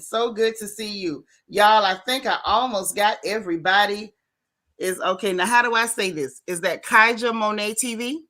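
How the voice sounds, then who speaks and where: Bright-voiced woman hosting a chatty livestream. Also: mid-range voice, moderate pace. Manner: chatty, greets chat viewers by name; playful, animated, Southern-leaning slang. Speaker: livestream host. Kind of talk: casual live chat.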